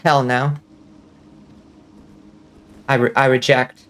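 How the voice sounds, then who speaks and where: A woman with a faint Southern accent and a slight lisp, giving casual gaming commentary while enunciating clearly. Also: a bass voice, level tone, takes it slowly, pauses often. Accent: subtle Southern US. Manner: clear enunciation, swears and laughs often. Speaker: vtuber streamer.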